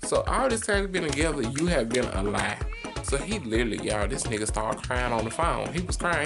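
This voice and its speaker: A man in his twenties telling an animated, sassy, slang-filled story on his vlog. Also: medium pitch, fairly quick. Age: 20s. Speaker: vlogger. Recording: music playing behind the voice.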